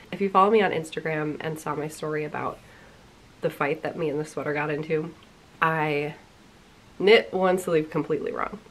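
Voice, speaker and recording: Stuffed up with a cold, the young host of a knitting podcast chats casually and pokes a little fun at herself. Her voice is deep and sounds congested and sick, with slight background noise behind it.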